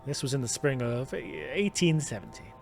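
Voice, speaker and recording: A man voicing a proud, aging Irish manor lord in a game, with an Irish accent and formal, measured speech. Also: medium pitch, very animated, creaky, soft background music. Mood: reflective. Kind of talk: reading game dialogue aloud.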